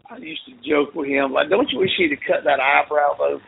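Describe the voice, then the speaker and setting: A middle-aged man, a football coach telling animated stories as an interview guest, acting out what people said. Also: fairly high pitch, fairly quick, creaky, narrow, tinny audio, a little hiss or hum. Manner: animated storyteller acting out quotes. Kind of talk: casual storytelling interview.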